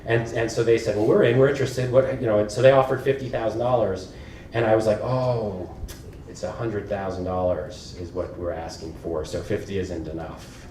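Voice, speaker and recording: Man telling a founder story in a roomy hall. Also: medium pitch. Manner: animated, acts out quoted dialogue. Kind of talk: anecdotal storytelling talk. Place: conference hall. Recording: roomy, distant mic, faint noise.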